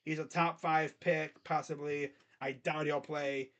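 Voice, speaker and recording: A man's voice: a little high, little pitch movement, a little slow, fairly bright tone. A man hosting his own channel, giving casual sports predictions in a rambling, self-correcting way. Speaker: host. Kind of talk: casual sports picks commentary.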